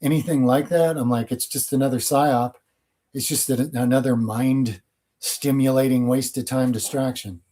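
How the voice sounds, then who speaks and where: A man's voice: medium pitch, steady tone, moderate pace, mellow. A man hosting his channel, answering viewer questions in a casual, rambling monologue with blunt opinions.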